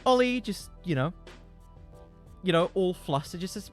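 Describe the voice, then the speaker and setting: A man hosting a podcast, spinning comedic stories in a rambling, jokey voice that swings up and down freely. Faint music sits quietly behind him. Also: high-pitched, expressive, measured pace. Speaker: podcast host.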